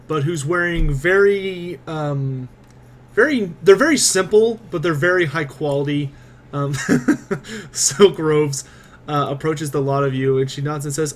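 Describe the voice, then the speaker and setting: Quick-talking man game master. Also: on the high side, a little hiss or hum. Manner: quick, descriptive, frequent um and uh. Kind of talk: narrating a tabletop game.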